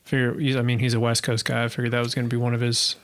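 A man's voice: mid-range voice, completely flat delivery, racing, fairly bright tone. A man guesting on a podcast, speaking casually and often restarting his sentences. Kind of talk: casual chat.

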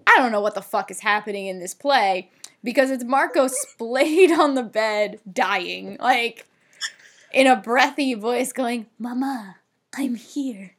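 A woman with a somewhat high voice talks through a TV episode in loose, casual chat. She leans on fillers and tosses in the odd swear word. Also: expressive, a little slow. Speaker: podcast co-host recapping a TV episode.

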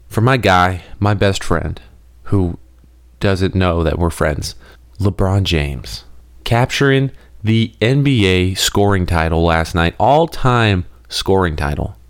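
A man hosting a comedic sports monologue, sarcastic and self-deprecating, with dramatic pauses. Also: fairly low pitch, no echo. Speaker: podcast host.

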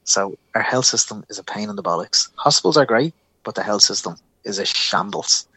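A man's voice: on the low side, a little fast, slightly rough, no echo. An Irish man, a young adult co-hosting a podcast, telling a long anecdote in casual chat and acting out the voices of the people in it. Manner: animated, acts out voices in his anecdotes. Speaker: podcast co-host.

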